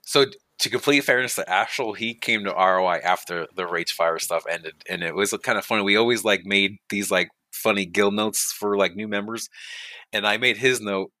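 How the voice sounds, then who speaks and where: A middle-aged man with a very deep voice talks easily through old gaming stories, full of fillers and asides. His tone has a bright, forceful bite despite the low pitch. The recording is dry and close, with no room around him. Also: normal speed, no room sound. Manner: relaxed storytelling, many fillers and asides. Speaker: guest, guild leader. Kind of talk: casual podcast chat.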